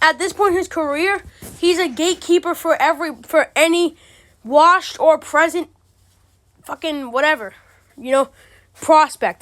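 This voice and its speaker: A woman's voice: sits high, a bit bright. A woman giving casual, ranting commentary, exasperated and profane, full of slang. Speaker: MMA commentary channel host.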